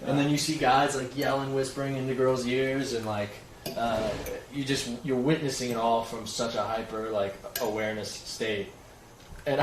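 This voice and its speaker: A man's voice: mid-range voice, distant mic. A young man in his twenties telling a casual story on a livestream, laughing often and saying "like" a lot. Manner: animated, laughing, lots of "like". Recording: roomy, from the mic, noisy.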